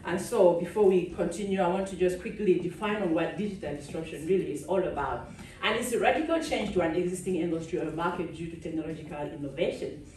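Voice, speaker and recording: A woman's voice: fairly low pitch, fast talker, few pauses, a little mellow. A woman from Cameroon giving a chatty, audience-engaging conference keynote. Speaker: keynote speaker. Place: large conference hall. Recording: echoey hall from a distance.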